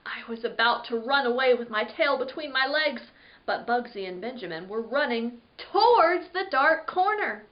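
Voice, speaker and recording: A woman library storyteller reading a children's book aloud with a dramatic, lively delivery. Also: fairly high pitch, normal speed. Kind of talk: expressive read-aloud story narration. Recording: dull lo-fi recording.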